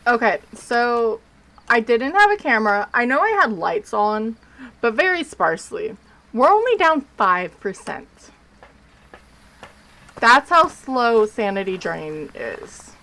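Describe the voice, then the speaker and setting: Heard on a rough recording, a woman streamer speaks slowly in a fairly high, sharp voice with big swings in pitch. She rambles sleepily to viewers during live gameplay, casually chatting and yawning between comments.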